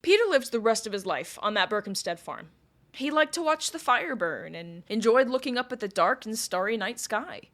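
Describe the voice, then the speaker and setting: A woman's voice: on the high side, animated, normal speed, fairly bright tone. A woman podcast host telling a history story in a casual, chatty way with wry asides.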